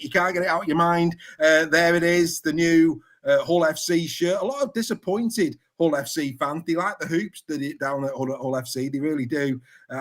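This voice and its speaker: Jokey host, higher voice. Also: male voice. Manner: jokey, teasing, lively banter. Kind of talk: casual panel chat.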